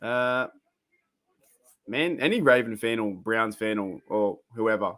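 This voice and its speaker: With a lowish voice and slow delivery, an Australian man hosts a live sports reaction stream. His talk is casual and rambling, broken by bursts of excitement at the plays.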